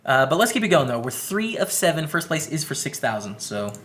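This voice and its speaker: A man's voice: on the high side, big pitch swings, a little fast, a bit bright, a little hiss or hum. A man with a Canadian English accent gives upbeat, chatty commentary on his poker hands while streaming live and greeting viewers by name.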